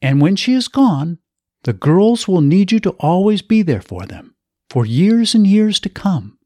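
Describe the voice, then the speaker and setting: A man's voice: sits high, sing-song, unhurried, mellow, no room sound, clean studio sound, pitched above the performer's own voice, full character voice. A man voicing an older woman who earnestly urges a grieving man to stay strong. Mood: imploring. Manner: earnest, imploring, insistent. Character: older woman, firm and caring mentor.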